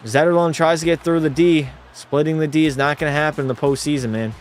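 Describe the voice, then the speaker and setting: A fast-talking young man with a highish, fairly even voice hosts a live hockey watch party. He chats bluntly, doing play-by-play and joking in response to his chat.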